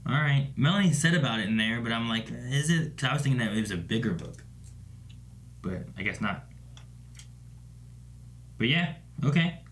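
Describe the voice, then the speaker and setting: A young man co-hosting a TV reaction show, reading out viewer questions and chatting in a relaxed, joking way. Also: medium pitch, moderate pace, pauses often. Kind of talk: casual chat.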